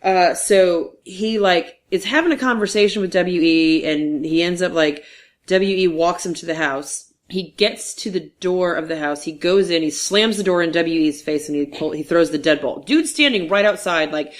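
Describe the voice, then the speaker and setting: A woman with a slightly low voice co-hosts a casual podcast. She recaps a horror film in an animated, profane way, slipping into quoted lines as she goes. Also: moderate pace. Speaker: podcast co-host. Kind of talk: casual movie recap chat.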